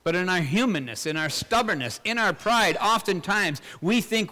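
A man preaching an earnest sermon with a bright, forceful, slightly high voice. He asks the listeners rhetorical questions, builds up louder and then drops low again. His voice rings out in a hall with a long echo. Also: lively intonation, moderate pace, few pauses.

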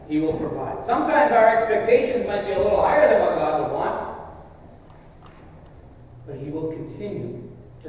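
A man preaching an expository sermon in a church sanctuary, earnest and building to emphatic peaks before dropping to quieter asides. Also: medium pitch, a little hiss or hum. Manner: earnest, rises to emphatic peaks then drops to soft asides. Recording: distant echoey hall recording, dull.

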